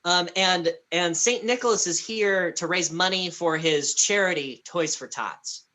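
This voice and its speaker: A woman's voice: fairly low pitch, a little slow, pushed and bright. A woman playing a tabletop game, describing her character casually with hesitant restarts. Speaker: player.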